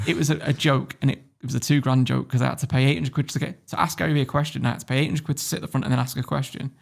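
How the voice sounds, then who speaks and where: A man from Warrington with a northern English accent, telling stories as a podcast guest in a casual, animated way, swearing freely. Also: medium pitch, rapid-fire, creaky. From Warrington, England. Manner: animated storyteller, swears freely, laughs often. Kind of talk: casual interview storytelling.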